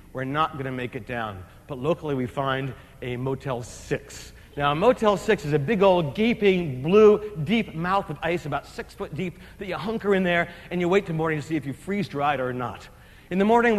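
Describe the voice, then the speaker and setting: A man from New Jersey giving a keynote speech, telling an adventure story in an animated, comic way with acted-out shouts and asides. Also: a little high. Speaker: keynote speaker. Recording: long hall reverb.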